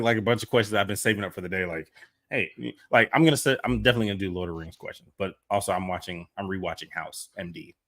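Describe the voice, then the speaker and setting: A man co-hosting a podcast, chatting in an excitable, animated way. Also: fairly low pitch, very fast. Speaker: podcast co-host. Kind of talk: casual chat.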